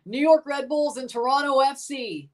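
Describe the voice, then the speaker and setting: A woman's voice: high voice, moderate pace, far from the mic. A woman streaming a live soccer watchalong, bantering with viewers, swearing and chanting along. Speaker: streamer reacting to a soccer match.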